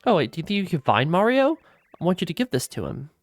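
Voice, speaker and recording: A woman reading a gentle captive princess. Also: lowish voice, sing-song, fast talker, dry recording, faint music behind.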